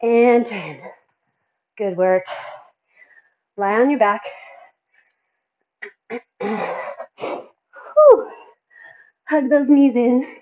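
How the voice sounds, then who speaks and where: A woman's voice: on the high side, lively intonation, very slow, pauses often, a little mellow, muffled recording. A woman fitness instructor coaching a workout, counting reps and encouraging, sighing and a bit out of breath between exercises.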